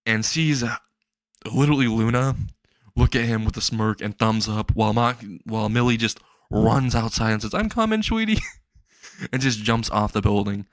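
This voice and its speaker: A man casually narrating an improvised fan-fiction story, rambling and excitable, swearing freely and briefly voicing the characters. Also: lowish voice, moderate pace, no room sound.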